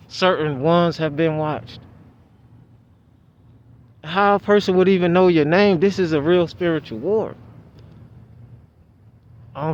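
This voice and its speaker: A man telling a story in a casual, rambling vlog monologue, with many restarts. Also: on the high side. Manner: rambling, restarts, animated retelling. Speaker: vlogger. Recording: dull lo-fi outdoor recording.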